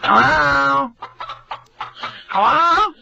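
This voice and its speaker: Brief: a man doing a high, fussy older mother voice, shrill and insistent, muffled lo-fi radio sound. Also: lively intonation, very slow, creaky, noisy background, heavily acted. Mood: insistent calling. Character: fussy older mother yelling into an answering machine.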